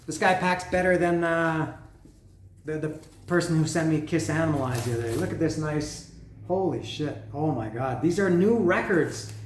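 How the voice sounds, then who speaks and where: A man casually talking through an unboxing of records, rambling and excitable, swearing freely and restarting his sentences. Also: on the high side, moderate pace, reverberant, slight background noise. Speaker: vinyl record vlogger. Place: lives in Mexico.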